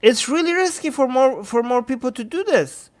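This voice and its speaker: The livestream host's voice is extremely high, at a normal speed. Casual and animated, he reads the chat aloud and keeps breaking off to start over.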